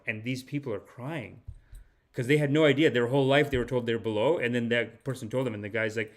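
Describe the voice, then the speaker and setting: A man hosting a comedic podcast monologue, rambling and animated, sometimes slipping into a mock spiritual-guru pitch. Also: a little fast. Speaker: podcast host.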